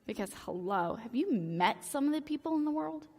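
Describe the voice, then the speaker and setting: A woman's voice: high voice, lively intonation, brisk, darkish tone, in a large hall. A woman preaching a sermon in a church, casual and joking, peppering her talk with "like". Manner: casual, joking, talks in valley-girl-like "like" phrasing. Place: church sanctuary.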